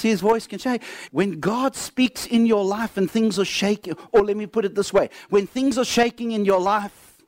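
Animated preacher man, dry close sound. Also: no echo. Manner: storytelling, swings from animated to low and quiet. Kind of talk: sermon.

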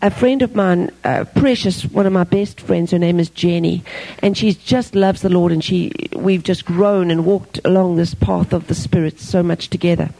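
A middle-aged woman giving an earnest sermon to parents, telling personal stories with emphasis and sometimes dropping to a hushed voice. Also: fairly low pitch, steady tone, moderate pace, creaky, poor audio. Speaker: Christian speaker teaching parents.

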